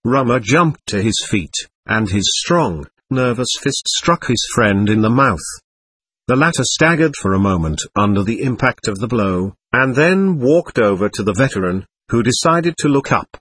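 A man narrating an audiobook in the first person, with a husky, slightly rough voice. His delivery is expressive and wide-ranging in pitch. The recording is dry and close, with no room sound. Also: normal speed, no echo.

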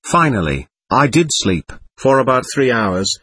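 Husky man reading a memoir aloud. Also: mid-range voice, sing-song, unhurried, a bit bright, no room sound. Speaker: audiobook narrator. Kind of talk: scripted narration.

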